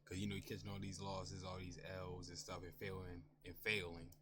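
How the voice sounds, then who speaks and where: A man's voice: sits low, completely flat delivery, a little fast, background noise. A man reacting casually and thinking aloud, repeating himself as he works things out. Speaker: reaction channel host.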